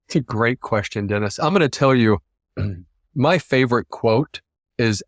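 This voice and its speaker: A man's voice: mid-range voice, lively intonation, unhurried, no room sound, studio quality. A man from the United States, a guest in an interview, speaking earnestly and from the heart. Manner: earnest, heartfelt, quote-driven. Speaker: interview guest, ethics practitioner. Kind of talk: reflective interview talk.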